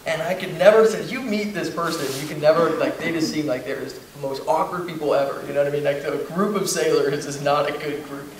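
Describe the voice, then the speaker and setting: A young man in his twenties talks at a panel in a loose, reflective way, full of "like" and "you know." His voice sits somewhat high and reaches the mic from a distance. The room is very echoey, with faint noise underneath. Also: brisk, hardly any pauses, crowd noise. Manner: relaxed, many "like" and "you know" fillers. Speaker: student veteran panelist. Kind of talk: casual reflective talk at a panel.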